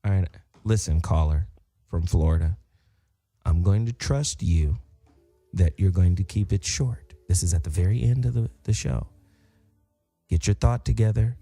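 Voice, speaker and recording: A male radio host with a lowish voice, talking loose and profane. He jokes freely and keeps the show moving, with faint music playing under him. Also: moderate pace, warm tone, slightly rough, no room sound. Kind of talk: casual radio talk show.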